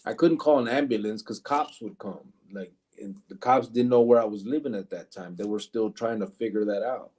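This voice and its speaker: A man's voice: fairly low pitch, moderate pace, hardly any pauses, darkish tone, slightly rough. A man, hosting a live podcast, telling prison stories loosely with lots of swearing and laughter, and reading chat comments aloud. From Arizona, USA. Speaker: podcast host. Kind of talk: casual storytelling chat.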